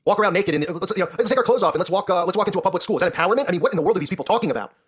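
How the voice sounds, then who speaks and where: Husky, fast-talking indignant male host. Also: high-pitched, expressive. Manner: indignant, sarcastic, repeats "right?". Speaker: commentary show host. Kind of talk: ranting commentary.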